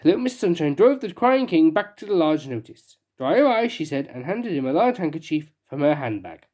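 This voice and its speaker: A woman's voice: deep voice, sing-song, fairly quick, mellow, highs cut off. A woman reading a children's picture book aloud with playful, chatty asides. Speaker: storybook reader.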